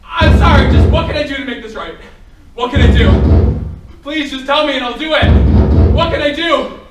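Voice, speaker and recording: A woman's voice: high voice, normal speed, natural voice. A young actress playing an earnest, anxious girl detective on a college theater stage, pleading and spiraling into frantic apologies. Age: young adult. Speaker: stage actor. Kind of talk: live stage drama. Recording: dull, echoey stage audio from far off. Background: loud music.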